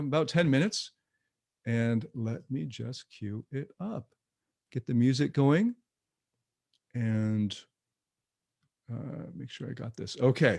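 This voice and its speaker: A man's voice: medium pitch, creaky. A man leading a live online coaching session, talking casually with fillers and self-corrections. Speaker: coach leading a livestream exercise. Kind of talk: livestream coaching talk.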